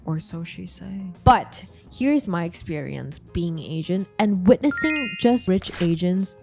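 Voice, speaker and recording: A young woman hosts a casual commentary vlog, chatty and slangy, speaking straight to her viewers. Her voice is mellow and warm, with some quiet music underneath. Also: medium pitch. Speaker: vlogger.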